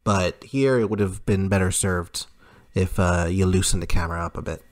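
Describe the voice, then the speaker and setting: A podcast host calmly giving feedback and reading comic recaps aloud. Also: low voice, dry recording. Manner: measured, reads recaps aloud.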